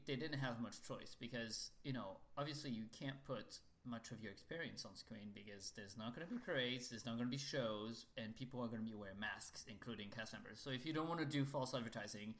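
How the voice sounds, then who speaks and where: A man's voice: medium pitch, a bit bright. Chatty man co-hosting a fan podcast. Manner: chatty, laughs often, mimics in whispers. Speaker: podcast co-host. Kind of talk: casual chat.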